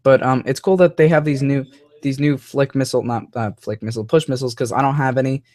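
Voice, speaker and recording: A man's voice: medium pitch, steady tone, fast, a little mellow. A young man hosting a live stream, chatting casually and rambling with many fillers and restarts. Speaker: host of a live toy-review show.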